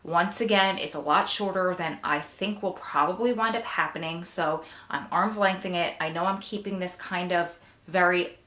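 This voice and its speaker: A woman's voice: fairly low pitch, normal speed, few pauses, sharp tone. Emotional woman vlogging in a roomy space. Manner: emotional, heartfelt, earnest. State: close to tears. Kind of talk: casual vlog to camera. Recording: roomy echo.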